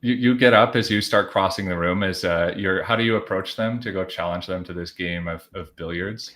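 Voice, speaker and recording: A man's voice: low voice, brisk, fairly bright tone. A man running a tabletop role-playing game, narrating in long, rambling chains of "as he just says" with lots of fillers. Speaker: game master.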